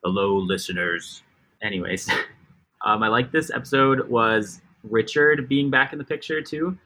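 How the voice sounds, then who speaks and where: Male co-host, casual chat, wry asides, bright tone. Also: medium pitch, measured pace. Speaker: podcast co-host.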